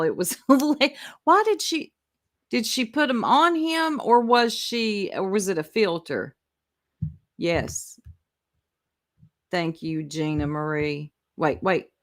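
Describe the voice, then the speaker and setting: A woman's voice: lowish voice, fairly bright tone. A woman, chatting casually with viewers and laughing as she reacts to clips. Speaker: commentary streamer.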